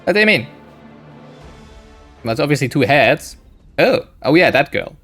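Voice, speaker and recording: Rambling gravelly-voiced man gaming. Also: a little high, big pitch swings, measured pace, a bit bright, soft background music. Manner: rambling, hesitant, thinking aloud. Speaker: gaming streamer. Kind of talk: casual gameplay commentary.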